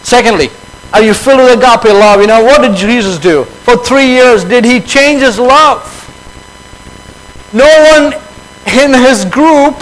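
A man preaching a conversational sermon to his fellowship, switching between quiet reflection and animated acted-out dialogue. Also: high-pitched, measured pace, long pauses, low-quality recording.

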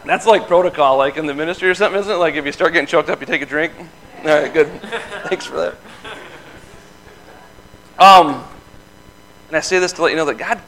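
A man's voice: on the high side, a bit bright, slight background noise, low-quality recording. Earnest man telling a folksy testimony. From Michigan. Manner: folksy, earnest storytelling with laughs. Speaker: lay speaker giving testimony. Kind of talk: informal sermon testimony.

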